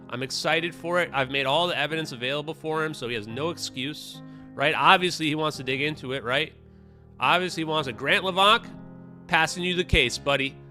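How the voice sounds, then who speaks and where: A man's voice: fairly high pitch, pushed and bright. A man hosting a livestream, ranting in a casual, profane, dismissive way and talking straight to his chat. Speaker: livestream host. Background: synthwave music.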